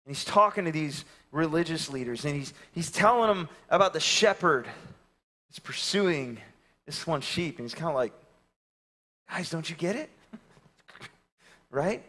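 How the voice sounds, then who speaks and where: A man, preaching a sermon and telling lively personal stories, acting out the voices of the people in them. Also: a little high, measured pace, pauses often. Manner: animated storytelling, acting out voices. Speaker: pastor. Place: church sanctuary.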